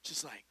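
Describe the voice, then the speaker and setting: High-voiced young man preaching with fire. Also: gravelly, slightly rough, no room sound. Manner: energetic, building to shouts. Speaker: pastor. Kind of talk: sermon. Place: church.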